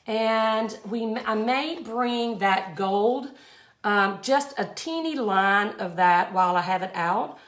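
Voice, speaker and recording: A middle-aged woman hosts a live craft tutorial, chatting in a folksy way and greeting viewers by name as she works. She speaks slowly in a mid-range, slightly bright voice.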